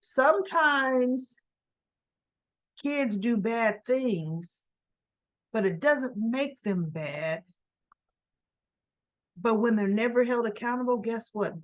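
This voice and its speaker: A woman's voice: a little high, highs cut off. A woman giving a casual, opinionated recap of a soap opera episode, talking back to the characters as she goes.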